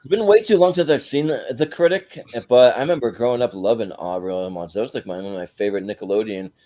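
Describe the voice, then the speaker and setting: A man's voice: lowish voice, fast talker, dark tone. A man chatting casually on a remote panel, rambling with many fillers and laughing often. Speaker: panel regular voting on TV shows. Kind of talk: casual chat.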